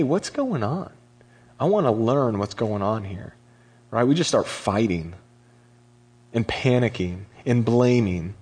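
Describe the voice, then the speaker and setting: A man's voice: fairly low pitch, darkish tone. A young adult man giving a casual sermon as a pastor, retelling scripture in a conversational way with slangy paraphrased dialogue.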